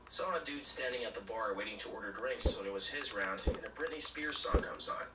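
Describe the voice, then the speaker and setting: A man's computer-generated voice reading short stories aloud in a flat, even way. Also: fairly low pitch, brisk. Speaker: story narrator. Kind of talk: text-to-speech reading of bartender stories. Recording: echoey, distant, noisy.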